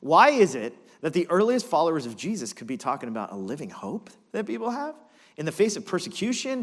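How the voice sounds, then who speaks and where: A man preaching as pastor, telling a story with animated, dramatic delivery. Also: on the high side, brisk, long reverb tail. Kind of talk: sermon.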